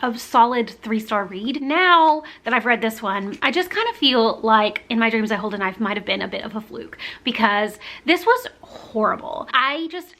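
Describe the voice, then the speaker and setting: A woman's voice: on the high side, pushed and bright. Chatty young Southern woman reviewing books. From American South. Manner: chatty, candid, with frequent fillers and restarts. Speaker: book reviewer. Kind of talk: casual book review vlog.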